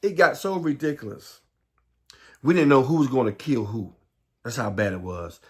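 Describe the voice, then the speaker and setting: A middle-aged man with a Southern American accent, telling his life story in a halting way, with many repeats and restarts, sometimes dropping to a low murmur. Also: darkish tone. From Southern United States. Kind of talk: personal life story monologue.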